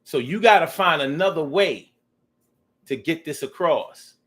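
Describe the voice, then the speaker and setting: High, lively-voiced man ranting casually. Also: unhurried. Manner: animated, profane, rambling. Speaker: vlogger. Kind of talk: casual monologue.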